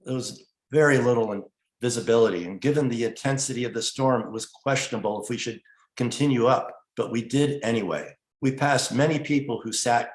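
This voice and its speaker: A man's voice: mid-range voice, roomy sound. Earnest man recounting a climb. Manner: earnest, measured, gets emotional at times. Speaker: guest telling his story. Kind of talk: personal storytelling, partly read narration.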